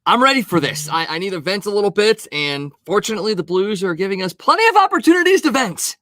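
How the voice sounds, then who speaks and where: A man's voice: high voice, very animated, quick pace, bright, forceful tone, dry recording. A man co-hosting a podcast who reads an ad and chats casually in an upbeat way. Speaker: podcast co-host. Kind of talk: casual podcast chat and read ad.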